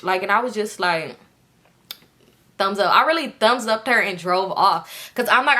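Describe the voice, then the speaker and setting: A woman's voice: mid-range voice, normal speed. A young woman casually telling a personal story to her viewers, swearing freely and acting out what other people said. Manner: animated, swearing, slangy, acts out quoted voices. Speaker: storytime vlogger.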